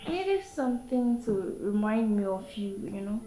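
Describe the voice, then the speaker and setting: A woman's voice: mid-range voice, sing-song, moderate pace, dark tone, echoey room, faint music behind, close to an everyday voice. A woman with a Ghanaian accent playing an affectionate, generous girlfriend in a comedy drama, coaxing and tender. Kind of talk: comedic film acting, Ghanaian English.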